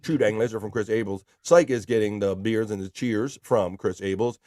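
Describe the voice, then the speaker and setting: A man's voice: on the low side, moderate pace, no room sound. Man hosting a casual livestream, dry sound. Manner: loose and profane, shouting out chatters by name. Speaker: livestream host. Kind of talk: casual livestream chat, reading viewer comments aloud.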